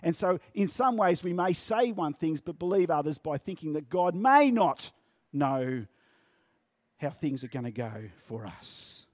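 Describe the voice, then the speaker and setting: A man preaching a sermon, speaking in a measured way and stretching key words for emphasis. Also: a little high, sing-song, no echo, clean studio sound.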